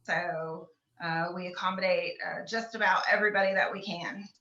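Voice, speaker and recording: A woman's voice: fairly low pitch, fairly even intonation, moderate pace, bright, forceful tone, slight background noise. Hesitant woman therapist on an echoey call. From Florida Gulf Coast. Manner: hesitant, many fillers, trailing off. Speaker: licensed therapist. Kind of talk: casual panel introduction. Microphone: video call. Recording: echoey, dull video call audio.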